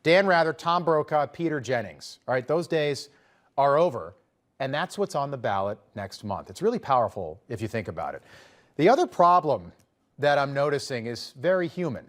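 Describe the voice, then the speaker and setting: A man's voice: mid-range voice, very animated, normal speed. A man hosting a political commentary show, talking in a conversational, emphatic way with sarcastic asides.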